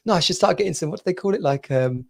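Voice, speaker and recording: A man with a high, gravelly, animated voice talks at a racing pace as a podcast co-host in a casual chat over a video call. He rambles, repeats words and laughs often.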